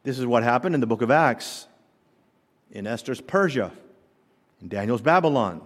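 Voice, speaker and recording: A man's voice: medium pitch, lively intonation, moderate pace. A man preaching a sermon as pastor, emphatic and full of rhetorical questions. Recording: long hall reverb.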